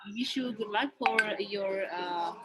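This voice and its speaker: A woman's voice: mid-range voice, unhurried, very noisy. A woman moderating an online panel, hesitant and full of fillers.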